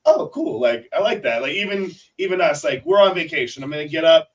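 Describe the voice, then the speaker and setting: A man's voice: fairly high pitch, lively intonation, fast, far from the mic, highs cut off. A man, a wrestler in a tag team, chatting casually and telling stories at length. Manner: talkative storyteller. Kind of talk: casual interview chat.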